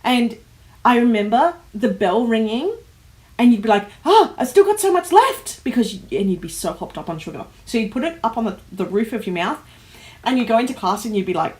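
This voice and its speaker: An Australian woman hosting a casual livestream, chatting and reading out comments, animated, with frequent laughs and fillers. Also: on the high side, a little fast. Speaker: host of a planner livestream. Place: home office.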